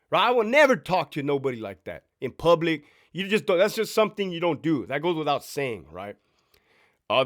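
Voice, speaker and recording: A man in his thirties, a former prison sergeant, telling stories in a blunt, profane, emphatic way with rhetorical questions. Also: on the high side. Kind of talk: casual storytime monologue.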